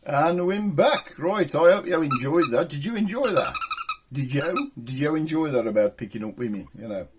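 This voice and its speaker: A man's voice: on the high side, expressive, moderate pace, background noise. A man hosting a comedy show in a jokey, rambling way. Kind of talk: casual comic monologue.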